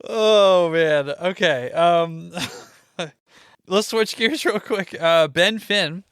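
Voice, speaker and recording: A man hosting a casual podcast interview, relaxed as he reads out listener questions. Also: sits high, very slow, smooth, no echo, studio quality. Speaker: podcast host.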